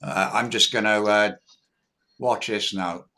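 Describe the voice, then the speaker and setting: A man's voice: on the low side, fairly even intonation, slow, pushed and bright. A man hosting a livestream, chatting casually, reading out comments, stumbling over his words and calling people "mate". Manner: laid-back, stumbling restarts, says "mate". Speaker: livestream host.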